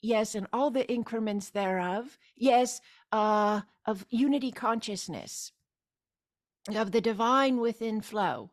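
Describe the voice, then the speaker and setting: Slow, drawn-out woman leading a spiritual circle. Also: on the high side. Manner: drawn-out vowels and frequent emphatic cries of yes. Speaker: spiritual teacher hosting a group meeting. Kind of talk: slow meditative spiritual talk. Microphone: video call.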